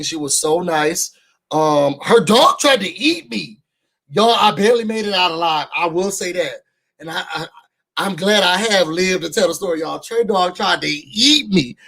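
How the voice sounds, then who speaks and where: A man from New York reviewing a reality show for his viewers in casual chat, an animated, slangy storyteller. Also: on the high side. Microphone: studio microphone.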